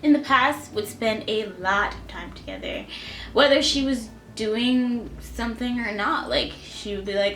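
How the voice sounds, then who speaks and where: A tearful young woman in her twenties speaks straight to her camera, her voice shaky and halting, full of ums and likes. The room sounds echoey, and soft music plays faintly underneath. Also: medium pitch. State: on the verge of tears. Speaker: vlogger. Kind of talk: emotional storytime vlog. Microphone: camera mic at close range.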